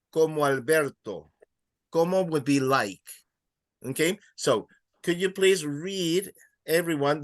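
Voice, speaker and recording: Slow, patient male teacher. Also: a little high, a bit bright, no room sound. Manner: patient, repeats words slowly for students. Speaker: Spanish teacher. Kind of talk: classroom teaching.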